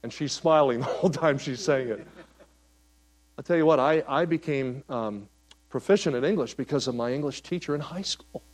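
Speaking at a moderate pace in a mid-range voice, a male pastor delivers a sermon full of stories. He alternates between loud, animated passages and soft, quiet ones.

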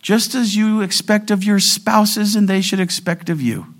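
A man preaching an expository sermon, driving home key words with emphatic rises and reading scripture slowly and deliberately. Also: sits high. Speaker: pastor.

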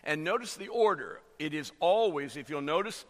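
A man preaching a sermon as pastor, halting with many fillers and restarts as he explains a verse. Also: fairly high pitch, animated, long reverb tail.

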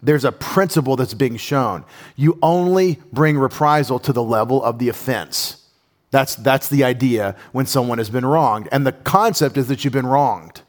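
A man preaching a sermon in a conversational, animated way, often asking his audience questions. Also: mid-range voice, normal speed. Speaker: pastor.

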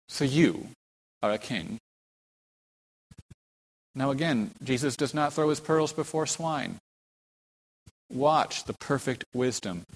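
A man preaching a sermon with dramatic emphasis, acting out the figures he quotes, in a church sanctuary. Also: medium pitch. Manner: dramatic, voices quoted speakers with rising emphasis. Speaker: pastor. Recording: reverberant church hall.

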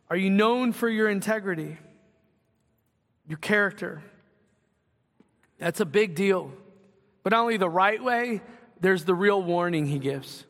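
Man preaching, high voice, conversational sermon, long hall reverb, church sanctuary. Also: a bit bright. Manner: conversational preaching with asides and acted quotes. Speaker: pastor.

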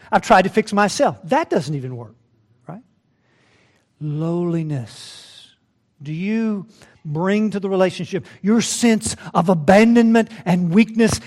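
High-voiced preacher with dynamic swings. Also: male voice. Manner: swings between loud emphatic peaks and soft low asides; addresses listeners as beloved, asks rhetorical "right?". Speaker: pastor. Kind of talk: sermon.

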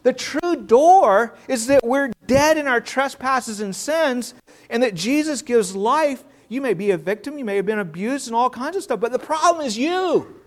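A man's voice: very high-pitched, animated, normal speed. A man preaching a sermon in an earnest, emphatic way, drawing out key words and repeating himself as he restarts.

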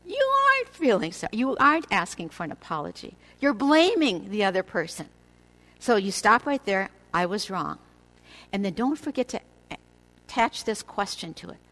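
An older woman giving a devotional teaching to women, speaking in a measured, earnest way and slowing down for emphasis. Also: mid-range voice, lively intonation, a bit bright, poor audio.

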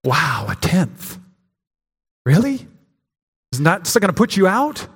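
A male pastor delivers a sermon in a conversational, searching way, often restarting his sentences and acting out quotes. His voice sits fairly high for a man. The sound rings with the long reverb of a church sanctuary. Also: huge pitch swings, slow pace, husky. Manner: conversational preaching with frequent restarts and acted-out quotes.

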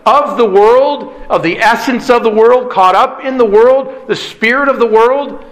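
High-voiced man preaching emphatically. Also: a bit bright, rough recording. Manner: emphatic, repetitive preaching cadence. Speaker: pastor. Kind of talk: sermon.

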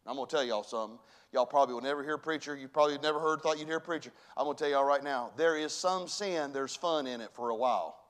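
A man preaching a sermon as pastor, folksy and emphatic, dropping to a hush and then rising to loud exhortation. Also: mid-range voice, quick pace.

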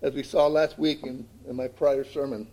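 A man preaching a sermon as pastor, often pausing to ask "okay?" and repeating words as he builds a point. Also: mid-range voice, little pitch movement, dark tone, poor audio. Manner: repeats "okay?" to check in with listeners.

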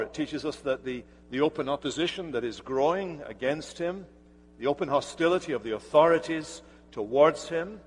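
A man's voice: fairly high pitch, a little hiss or hum. A man preaching an earnest, emphatic sermon as pastor in a church sanctuary. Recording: church hall reverb.

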